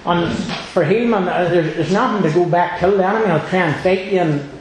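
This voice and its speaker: A man with a high-pitched voice gives an earnest, rambling personal testimony at a church meeting, returning again and again to the same phrases. His voice rings with a strong echo, as if he is standing in a large meeting hall. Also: quick pace. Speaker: church member giving testimony. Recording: very echoey room.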